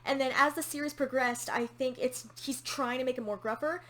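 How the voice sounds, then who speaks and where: A woman's voice: sits high, fairly even intonation, fairly quick, a bit bright. A woman hosting a casual TV episode reaction, candid and opinionated, swearing casually as she talks. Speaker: reaction channel host.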